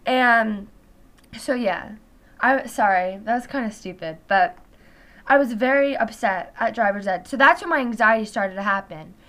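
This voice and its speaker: Teen girl vlogger, high bright voice, rambling casual storytime, animated. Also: normal speed. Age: teens. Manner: chatty, heavy use of "like", animated retelling.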